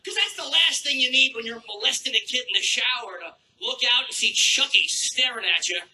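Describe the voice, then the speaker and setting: A man doing a crude stand-up routine on a theater stage with a handheld mic, brash and mock-outraged, troubled by his throat and clearing it. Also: extremely high pitch, brisk, pushed and bright, poor audio. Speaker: stand-up comedian. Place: theater stage before a live audience.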